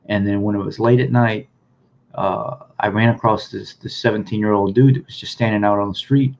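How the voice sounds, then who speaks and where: A man telling his own life story in a halting, plain-spoken way, often repeating words as he goes. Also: on the low side, steady tone, gravelly, darkish tone. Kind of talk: personal storytelling, reading news clippings aloud. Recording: dull, lo-fi sound.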